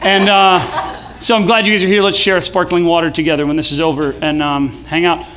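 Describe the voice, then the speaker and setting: With a crowd audible behind him, a young pastor speaks fast in a fairly high voice with little pitch movement. Preaching casually to a live audience in an event hall, he jokes, leads call-and-response chants and builds to shouting.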